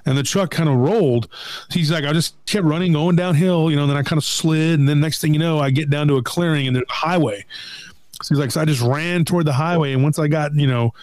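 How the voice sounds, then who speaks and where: Middle-aged man, fairly high voice, dry close mic, animated storyteller on a podcast. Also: fast talker, no echo. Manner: animated retelling, acts out quoted voices. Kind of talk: casual storytelling chat.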